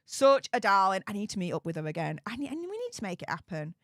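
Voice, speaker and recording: A woman's voice: mid-range voice, big pitch swings, fast talker, a bit bright, no echo, clean studio sound. A woman hosting a casual live stream, reading chat messages and answering them bluntly, with frequent laughs and fillers. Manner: chatty and blunt, laughs often, many fillers.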